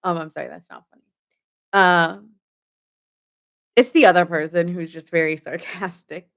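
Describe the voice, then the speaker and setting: A woman's voice: fairly low pitch, steady tone, moderate pace, creaky, fairly bright tone. A young woman doing a casual tarot reading for her viewers, chatty and giggling often mid-sentence. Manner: chatty, many fillers like "like" and "giving". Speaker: tarot reader.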